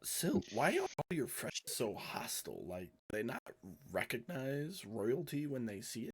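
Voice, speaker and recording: Lively male game master. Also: mid-range voice, unhurried, breathy edge. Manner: lively, laughs often. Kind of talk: narrating a tabletop game.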